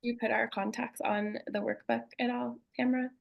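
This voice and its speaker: A woman presenting a retreat on a webinar video call, halting with many ums, her voice a little worn. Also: on the high side, level tone, vocal fry, low-quality recording. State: losing her voice. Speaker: retreat co-facilitator.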